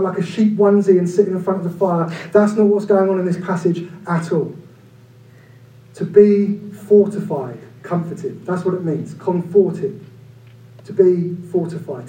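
A man around forty, preaching a sermon in an animated, conversational way with humorous asides. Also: fairly quick, hardly any pauses. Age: about 40. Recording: echoey room from far off, low-quality.

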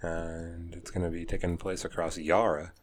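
A man with a very deep voice co-hosts a podcast. He is easygoing, reads from articles and gives short, agreeable replies in casual chat. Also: level tone, normal speed, a little hiss or hum. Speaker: podcast co-host presenting news.

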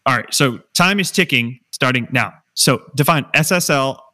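Guy hosting a podcast, bright edgy voice, jokey and rambling, lots of ums. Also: medium pitch, moderate pace. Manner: chatty, joking, many fillers and restarts. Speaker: podcast host. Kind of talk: casual podcast chat.

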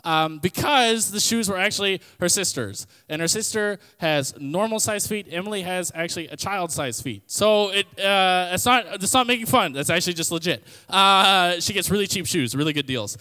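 A man with a notably high voice hosts a relaxed Bible teaching podcast. He tells stories and retells scripture in loose everyday slang, and his voice trails off into a long reverb tail. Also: moderate pace, hardly any pauses, smooth. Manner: conversational, storytelling, paraphrases scripture in everyday slang.

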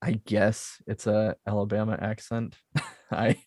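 A man's voice: on the low side, monotone, a little slow, darkish tone, no room sound, clean studio sound. A man co-hosting a podcast, recapping a movie plot casually and laughing often. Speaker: podcast co-host. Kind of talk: casual film discussion.

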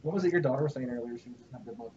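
A man's voice: medium pitch, rapid-fire, mellow, a little hiss or hum. A man co-hosting a casual podcast, teasing and jokey. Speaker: podcast co-host. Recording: echoey, dull lo-fi room recording.

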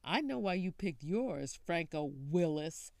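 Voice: medium pitch, animated, takes it slowly, vocal fry, darkish tone, no room sound, studio quality. A storyteller voicing a cheerful grown sister who speaks eagerly. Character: cheerful adult woman who loves polar bears.

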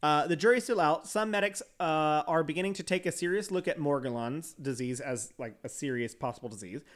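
A man's voice: a little high, brisk. A man on a podcast reading an article aloud with casual asides, often stumbling over words and laughing at himself. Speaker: podcast host.

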